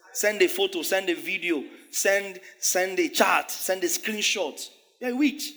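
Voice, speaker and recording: A man preaching a sermon, animated, laughing often and acting out the voices of biblical figures. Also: high voice. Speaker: pastor.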